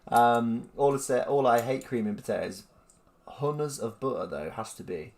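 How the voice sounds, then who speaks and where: Reading viewer comments aloud, a livestream host chats in a rambling way full of ums, tossing in mock-disbelieving remarks. He speaks at normal speed with a medium-pitched voice and a darkish tone.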